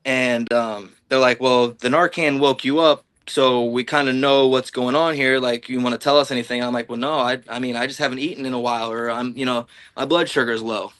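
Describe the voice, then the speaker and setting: A man's voice: medium pitch, fairly even intonation, fairly quick, hardly any pauses, a bit bright, clean tone, dry recording. A man from the Illinois-Iowa border telling a long personal story in casual, rambling, profane talk, acting out what people said. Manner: rambling, profane, acts out quoted dialogue. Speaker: podcast guest.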